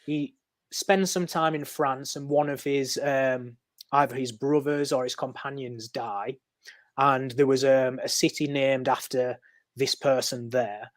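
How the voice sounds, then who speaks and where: A man's voice: mid-range voice, no room sound. A man talking as a podcast guest, explaining history in a loose, storytelling way with frequent ums and restarts. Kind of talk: conversational explaining. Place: podcast recording.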